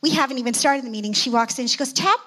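Animated middle-aged woman giving testimony. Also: quick pace. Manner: animated storytelling, acting out dialogue with sudden pitch jumps. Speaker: church elder and speaker. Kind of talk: personal testimony sermon.

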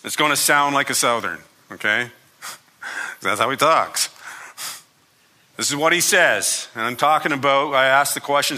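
A man's voice: medium pitch, a little slow, pauses often, pushed and bright. A man preaching a sermon as pastor, emphatic and repeating phrases for effect.

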